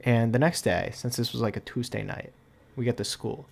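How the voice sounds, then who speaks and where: Creaky and a bit dark in tone, this young man's medium-pitched voice holds steady at a normal speed. He's a storytime YouTuber spinning a loose, casual tale, leaning constantly on "like" and dropping dry, throwaway asides.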